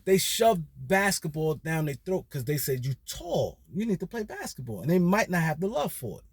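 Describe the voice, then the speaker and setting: High-voiced man ranting about basketball. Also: normal speed, husky, no echo. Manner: animated, repetitive, conversational with slang and restarts. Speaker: sports commentary host. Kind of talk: casual basketball opinion monologue.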